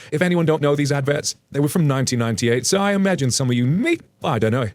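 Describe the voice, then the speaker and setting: A man's voice: on the high side, animated, fairly quick, a little mellow, no room sound. Chatty British man reading stories. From United Kingdom. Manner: chatty, laughs often, jokey asides. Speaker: reddit story reader. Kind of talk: casual commentary reading posts.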